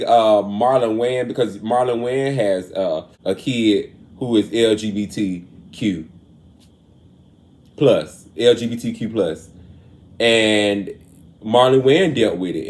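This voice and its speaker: Man as a chatty show host; heartfelt, emotional, goes loud then soft. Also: lowish voice, takes it slowly. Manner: emotional and earnest, swings between raised and soft talk. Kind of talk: casual commentary on celebrity news.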